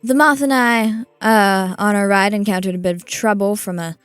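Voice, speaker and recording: A woman's voice: mid-range voice, steady tone, moderate pace, clear, resonant tone, dry recording, faint music behind. Give me a hesitant woman recapping a tabletop game in a dry, close recording. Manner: hesitant, filler-heavy. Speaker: co-host and player. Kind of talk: first-person recap narration.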